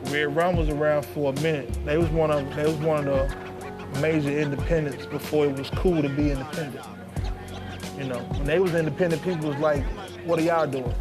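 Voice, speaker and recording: A man's voice: fairly high pitch, fairly even intonation, a little fast, music in the background. A man, recalling his part in the local hip hop scene with proud, profane force. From Dallas, Texas. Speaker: hip hop artist interviewee. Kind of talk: candid documentary interview.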